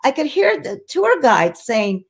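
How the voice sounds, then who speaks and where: Older lady guest on an interview, bit high voice, chatty, keeps restarting, does little voices for people. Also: a little slow, vocal fry. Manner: animated, restarts often, acts out quoted voices. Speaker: actress guest. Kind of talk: casual interview storytelling.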